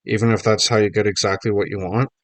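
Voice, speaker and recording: A man voicing an excitable middle-aged reporter dad, eager and teasing, bubbling over with news. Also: fairly low pitch, fast talker, no echo, natural voice. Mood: excited.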